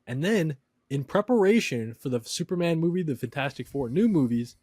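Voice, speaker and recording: A man's voice: on the high side, expressive, brisk, darkish tone, dry recording, studio quality. A man hosting a podcast in casual, upbeat chat, often saying "dude". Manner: upbeat, laid-back, says "dude" a lot. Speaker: podcast host.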